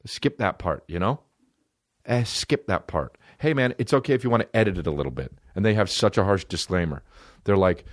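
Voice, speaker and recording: A man's voice: low voice, expressive, quick pace, dry recording, studio quality. A man in his thirties hosting a podcast, telling a story in a profane, rambling comic monologue, with mock voices thrown in. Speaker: podcast host. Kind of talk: casual comedic monologue.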